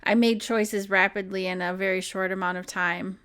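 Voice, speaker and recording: A woman's voice: medium pitch, steady tone, moderate pace, a bit bright, smooth. A woman co-hosting a podcast, sharing her own experience in casual chat. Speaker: podcast co-host.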